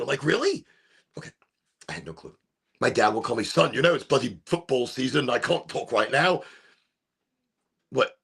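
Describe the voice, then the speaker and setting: A middle-aged man from Chicago telling a rambling story on a live stream, animated and swearing, with sudden shouts when he acts out voices. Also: medium pitch. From Chicago, USA. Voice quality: gravelly and husky. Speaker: streamer hosting a smoke session.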